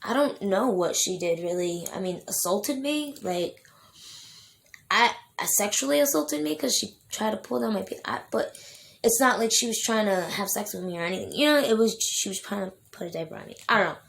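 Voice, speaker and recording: A woman's voice: medium pitch, expressive, fairly quick, creaky, fairly bright tone. A young adult woman telling her own life story in a vlog, emotional and rambling, with many fillers and restarts. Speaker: vlogger.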